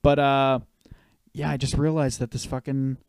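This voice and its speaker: A man's voice: mid-range voice, level tone, normal speed, smooth, no room sound. Rambling, swearing man in his thirties. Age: 30s. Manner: rambling, swears a lot, storytelling. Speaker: podcast co-host. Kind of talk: casual chat.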